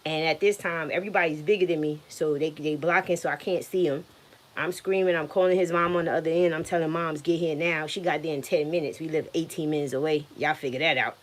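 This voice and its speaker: A woman with a notably low voice tells a personal story in a blunt, animated way. Her speech is profane and direct, and she relives the moment as she talks. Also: quick pace. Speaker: guest telling her story.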